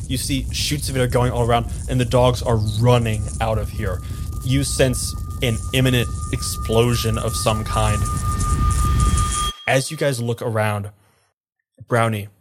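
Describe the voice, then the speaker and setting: A man's voice: medium pitch, background noise. A man narrating a tabletop game as game master, with vivid, playful descriptions.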